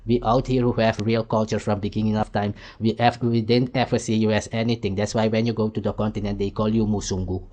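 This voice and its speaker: A man's voice: fairly low pitch, level tone, quick pace, hardly any pauses, a little mellow. A man from Suriname, hosting a heated, mocking commentary rant over clips and repeating catchphrases. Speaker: commentary channel host.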